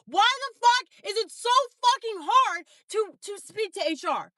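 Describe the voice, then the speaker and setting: Woman with a very high, sharp voice, furious profane rant, dry sound. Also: lively intonation, a little slow, no room sound. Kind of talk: casual rant to camera.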